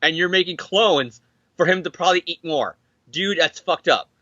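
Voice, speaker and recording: A man co-hosting a casual comic book chat, excitedly acting out characters as he recaps the story. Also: a little high, normal speed, dry recording, dull audio. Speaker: podcast co-host.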